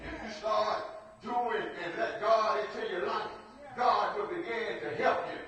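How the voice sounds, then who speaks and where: High-voiced preacher in an echoey room. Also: male voice, steady tone, measured pace, a bit bright, recorded from a distance. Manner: call-and-response preaching, rising to emphatic peaks. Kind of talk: sermon.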